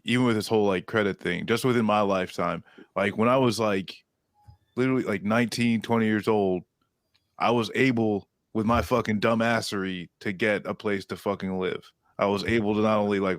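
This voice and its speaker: A man's voice: on the low side, dry recording. Guy in his 30s rambling and cussing on a podcast, dry mic. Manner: rambling, heavy swearing and filler "like". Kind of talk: casual chat.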